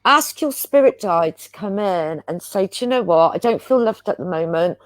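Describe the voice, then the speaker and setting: A woman speaks in a chatty, earnest way that wanders from thought to thought. Her voice sits at a middle pitch. The sound is dry and close, as over a video call. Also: expressive, normal speed, no echo. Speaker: guest healer. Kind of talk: casual spiritual chat.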